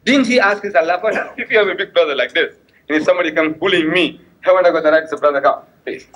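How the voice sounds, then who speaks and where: A man's voice: a little high, fast talker, a bit bright, dull audio. A man giving a public religious lecture in a mosque hall, telling a story through repeated phrases and rhetorical questions, and acting out both sides of the quoted dialogue. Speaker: Islamic lecturer.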